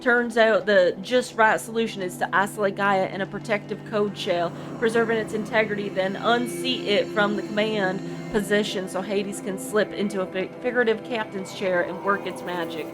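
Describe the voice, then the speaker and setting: A woman's voice: medium pitch, steady tone, moderate pace, few pauses, music in the background, lightly acted. Woman voicing a drawling sleepy male engineer. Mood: drowsy. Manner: folksy drawl, slangy grammar. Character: drowsy male engineer recording a log.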